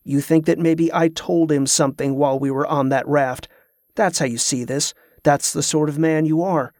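A man voicing a cool, defiant male prisoner who speaks calmly and levelly, in an audiobook. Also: fairly high pitch, moderate pace, dry recording, studio quality, natural voice. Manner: calm, level.

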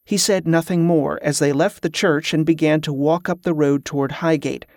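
Reading from a novel, this narrator keeps a calm, even storytelling delivery at normal speed in a mid-range voice. It's scripted audiobook narration with clean, dry studio sound.

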